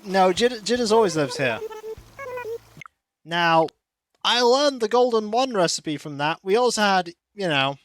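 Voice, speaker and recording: Brief: easygoing male streamer, slightly high voice, slow and rambling, dry close sound. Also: expressive, dry recording, soft background music. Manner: chatty, rambling, greets chat by name, coos softly to his cat. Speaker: game streamer. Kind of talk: casual stream chat. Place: warm room at home.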